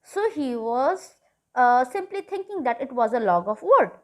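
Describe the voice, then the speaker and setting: A woman's voice: high-pitched, sing-song, unhurried. A woman teacher reads a storybook chapter to her students and explains it with many restarts.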